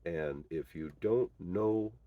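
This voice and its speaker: A middle-aged man telling a personal story as a father, halting and earnest, with many pauses and fillers. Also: low voice, dry recording, narrow, tinny audio. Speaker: father sharing his story. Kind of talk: personal monologue.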